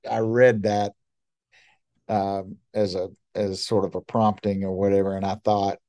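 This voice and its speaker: Southern man, low voice, halting reminiscing guest, dry close recording. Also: flat delivery, warm tone, no echo. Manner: halting, restarts, hunts for words. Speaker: podcast guest, mentor. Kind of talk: casual podcast conversation.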